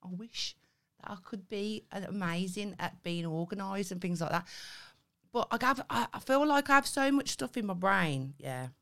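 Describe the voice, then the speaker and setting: A woman's voice: mid-range voice, lively intonation, normal speed, fairly bright tone. Laughing, defensive woman. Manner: defensive, laughs often, earnest. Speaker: podcast co-host. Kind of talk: casual chat.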